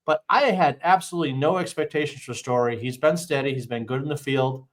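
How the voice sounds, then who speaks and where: A man's voice: medium pitch, fairly quick. A man co-hosting a casual sports podcast, ranting and swearing as he tells his stories. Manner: profane, ranting, animated storytelling. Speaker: podcast co-host.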